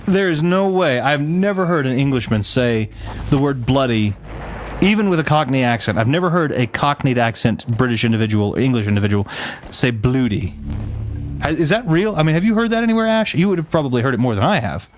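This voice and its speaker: Animated and brisk, his medium-pitched voice carries over slight background noise. He plays a game live for viewers, chatting and reading game text aloud in casual commentary that rambles, with many restarts and mid-thought corrections.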